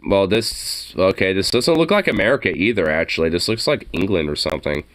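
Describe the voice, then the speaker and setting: A man's voice: deep voice, lively intonation, fairly quick, fairly bright tone. A man hosting a casual reaction video, rambling with heavy profanity and fillers.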